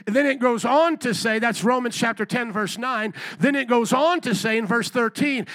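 A man preaching a sermon with fervent call-and-response, pressing his listeners and at times shouting. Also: very high voice, moderate pace, few pauses, no echo. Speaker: pastor.

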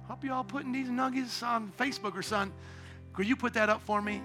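A male pastor preaches in a church with a high, bright, ringing voice. He drops to near-whispered asides, then climbs into loud, shouted exhortation. Soft instrumental music plays underneath. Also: a little fast, vocal fry. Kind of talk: sermon. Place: church sanctuary.

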